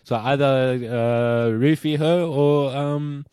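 A young South African man co-hosting a podcast, crude and joking, often breaking into laughter as he talks. His voice sits in an ordinary middle pitch. The sound is dry and close, with no room echo. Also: level tone, takes it slowly, mellow, clean tone. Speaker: podcast co-host. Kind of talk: casual podcast chat.

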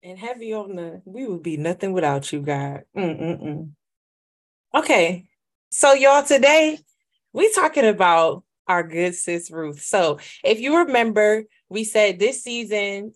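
Chatty woman podcaster. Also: lowish voice. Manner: chatty, laughs while retelling a Bible story. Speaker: podcast co-host. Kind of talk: casual faith podcast chat.

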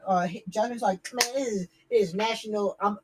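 A man telling a story in a casual chat among friends, with animated retelling and lots of filler words. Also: high voice, fairly quick, noisy background. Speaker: podcast co-host.

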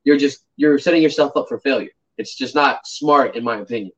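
A man's voice: medium pitch, brisk. A man in casual chat, rambling, telling stories and leaning on fillers. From United States. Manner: rambling, storytelling, filler-heavy. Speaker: podcast co-host. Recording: distant, dull mic.

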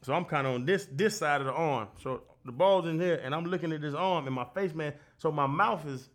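Man, podcast guest, fairly high voice, profane, animated storyteller, laughs a lot. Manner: animated, profane, quick to laugh, acts out quotes. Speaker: guest, former football linebacker.

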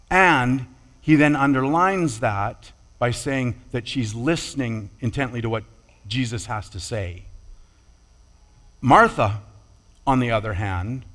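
Male preacher, measured sermon delivery, mid pitch, long hall reverb. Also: fairly bright tone.

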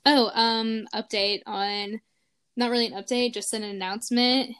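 A woman's voice: on the high side, fairly even intonation, moderate pace, fairly bright tone, clean tone. Bubbly young woman podcast host. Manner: bubbly, giggly, lots of fillers. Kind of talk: casual chat.

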